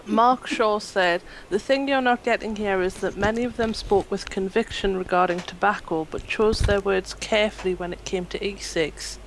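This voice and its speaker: A woman with a mid-range voice reads viewer comments aloud at a brisk pace. She sounds lightly amused, and faint noise murmurs in the background. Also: medium pitch, low-quality recording. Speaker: chat reader.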